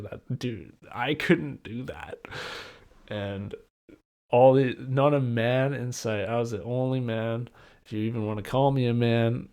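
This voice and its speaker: A young man hosting a solo podcast, telling a personal story in a rambling, excited way with many restarts. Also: fairly low pitch. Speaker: podcast host.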